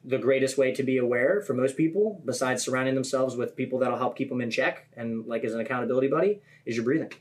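A man's voice: medium pitch, fast talker. Male guest, mid-range voice, easygoing explainer. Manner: relaxed, filler-heavy explainer. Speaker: podcast guest. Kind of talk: casual podcast chat.

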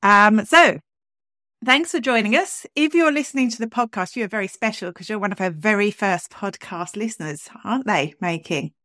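A woman's voice: mid-range voice, moderate pace, pushed and bright, no room sound, studio quality. A woman hosting a podcast, chatting in an upbeat way with lots of asides. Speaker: podcast host. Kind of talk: casual chat.

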